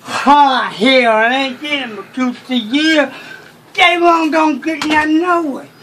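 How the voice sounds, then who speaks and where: Brief: drunk high-pitched man, loud slurred trash talk outdoors, noisy phone clip. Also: steady tone, measured pace. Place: outdoors in a garden.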